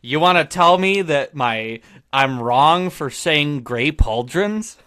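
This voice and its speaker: A man with a bright, forceful voice pitched a little high hosts a casual podcast chat. He rambles along, trails off and starts his thoughts over. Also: lively intonation, slow, smooth. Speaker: podcast host.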